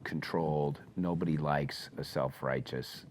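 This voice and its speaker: A man co-hosting a casual talk, speaking in a slow, halting, reflective way with many restarts. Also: rumbling low, fairly even intonation, a little hiss or hum. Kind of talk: casual discussion.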